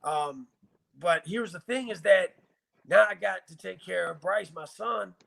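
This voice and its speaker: Man, gravelly voice, bright edge, blunt and profane, casual interview storytelling. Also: high-pitched, unhurried. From Virginia, US. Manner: blunt, profane, emotional retelling. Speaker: guest telling his life story.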